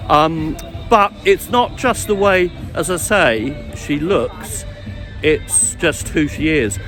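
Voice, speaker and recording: A man's voice: on the high side, takes it slowly, fairly bright tone, faint music behind. A middle-aged man walking along a street and telling a meandering, reflective story about dating, with many fillers and restarts. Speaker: vlogger on dating. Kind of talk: rambling anecdotal storytelling.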